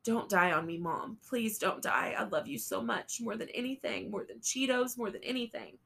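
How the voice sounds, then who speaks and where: A man's voice: high voice, very slow, voice pushed up. A woman narrator voicing a traumatized young man who pleads and repeats himself. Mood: desperate. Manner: pleading, repetitive.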